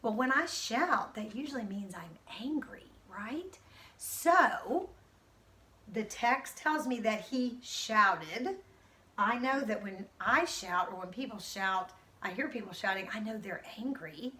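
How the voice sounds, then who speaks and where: A woman's voice: medium pitch, expressive, takes it slowly, sharp tone. A young woman teacher reading a storybook aloud with expression, then explaining it to young pupils. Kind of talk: recorded reading lesson for children.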